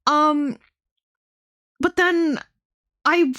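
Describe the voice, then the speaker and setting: A young woman in her twenties livestreaming, her voice pitched a little high. She barely opens her mouth to protect sore, blistered lips, which muffles her words a touch. She rambles chattily, with plenty of fillers and side remarks. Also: drawn-out words, bright, forceful tone. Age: 20s. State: sore blistered lips, talking with mouth held nearly closed. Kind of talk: casual chat stream.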